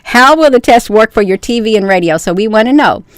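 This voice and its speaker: A woman's voice: on the high side, lively intonation, brisk, no echo, studio quality. Chatty woman livestreaming to her viewers. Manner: chatty, keeps addressing viewers as "you all"; reads news aloud and comments on it. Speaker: livestream host. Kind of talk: casual livestream chat.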